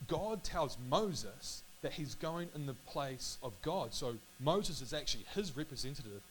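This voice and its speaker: A man's voice: mid-range voice, very animated, poor audio. A man casually reading and reflecting on Bible passages, stumbling over words and correcting himself as he goes. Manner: halting, self-correcting, apologetic. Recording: faint electrical hum and hiss.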